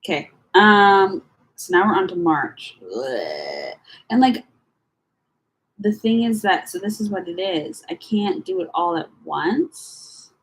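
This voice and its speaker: A young woman chatting casually to camera as she sorts through her files, rambling and swearing with slangy, animated talk. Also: on the low side, slow, slightly rough, poor audio. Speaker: vlogger.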